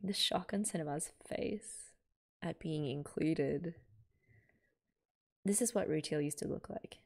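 An Australian woman gives casual reaction commentary on a manga, working her thoughts out aloud and stopping to correct herself. Her voice sits on the low side and carries a gravelly fry. She talks at an unhurried, slow pace. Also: a little mellow. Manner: thinks aloud, corrects herself mid-sentence.

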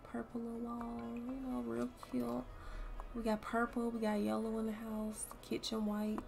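A young woman streaming a game, chatting casually to her viewers and swearing freely as she thinks out loud. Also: a little high, completely flat delivery, a little slow, creaky, music in the background. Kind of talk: casual gameplay commentary.

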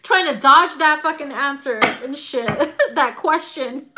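A middle-aged woman giving a casual tarot reading to viewers, animated and profane, laughing often and acting out quotes. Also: sits high, unhurried, noisy background. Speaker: tarot reader.

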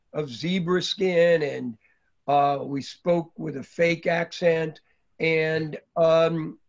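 An older man from New York telling a long, rambling story about his early days, with many fillers along the way. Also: on the high side. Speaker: guest speaker. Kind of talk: anecdotal storytelling. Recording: dull lo-fi recording.

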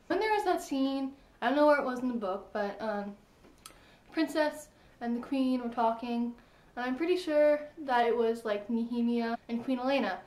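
A woman talking casually about a book she loved, chatty and excitable, with lots of fillers. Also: on the high side, moderate pace, reverberant. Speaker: book vlogger. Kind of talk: casual book discussion vlog.

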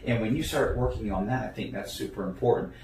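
A man's voice: on the low side, quick pace, darkish tone. A young man talking casually as an interview guest, rambling with many fillers and restarts. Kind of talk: casual conversation. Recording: echoey room, mic at a distance, faint background noise.

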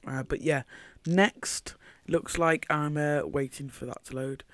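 A man's voice: a little high, fairly even intonation, unhurried, fairly bright tone, dry recording. A man giving casual commentary over his own game footage, rambling and thinking aloud as he goes.

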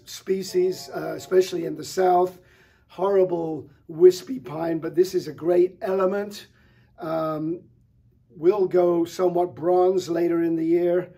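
A middle-aged man walks through a flower showcase with relaxed enthusiasm. His voice sits high for a man yet sounds warm and mellow, with a husky edge. He pauses often on fillers as he talks. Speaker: florist presenter. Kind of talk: product showcase talk.

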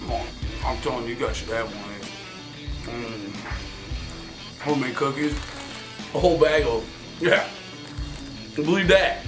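Goofy middle-aged male vlogger, casual and playful, eats as he talks, music playing clearly behind. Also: mid-range voice, a little slow, long pauses. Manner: goofy, playful, talks with his mouth full. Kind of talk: casual home vlog. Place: home computer room.

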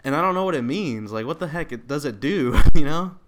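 A man's voice: on the high side, expressive, fairly quick, a little hiss or hum. A young man doing casual live commentary over a shooter game, rambling with fillers and restarts. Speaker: gaming commentator.

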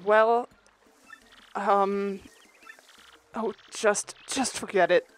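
A timid young turtle from a video game, hesitant and apologetic, stumbling over his words at a slow, unsure pace as a woman voices him. The voice sits at a middling height, with faint game music underneath. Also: medium pitch, steady tone. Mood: nervous. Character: shy, nervous young male turtle.

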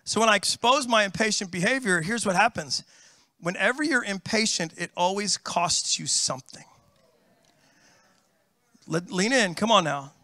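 A middle-aged man preaching a sermon as pastor, telling lively stories and calling out to his congregation. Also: high voice, normal speed, long pauses, no room sound. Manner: animated storytelling, calls out to the congregation. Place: church.

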